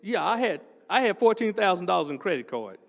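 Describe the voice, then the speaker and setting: An older man, preaching a testimony sermon as associate pastor and telling a story that builds up into shouting. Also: sits high, brisk, gravelly, big-room sound. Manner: animated storytelling, swells into shouting.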